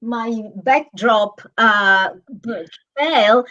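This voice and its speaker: Italian lady hosting a live stream, playful, drawn-out slow talk, muffled sound. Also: fairly high pitch, pushed and bright. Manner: playful, theatrical. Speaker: host. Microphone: video call.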